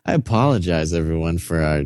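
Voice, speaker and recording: A sarcastic male podcast co-host with a deep, mellow voice. He speaks wryly and chuckles as he goes, recorded dry and close with no room sound. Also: expressive, a little fast, clean tone, dry recording. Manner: sarcastic, laughing, wry. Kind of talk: casual conspiracy-theory chat.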